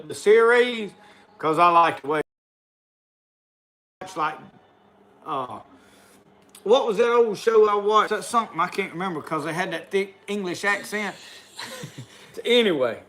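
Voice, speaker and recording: A middle-aged man with a Southern US accent hosts a casual livestream, speaking in a folksy drawl and ending with a spoken prayer. His voice is high and bright, with a forceful tone.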